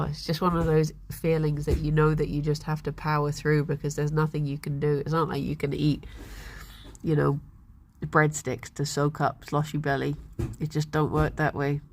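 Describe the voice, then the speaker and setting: Husky-voiced woman, slow gravelly chat. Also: sits low, darkish tone, slight background noise. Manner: chatty, giggly, coos at her pets. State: husky voice from a late night. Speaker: streamer. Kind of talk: casual chat with chat.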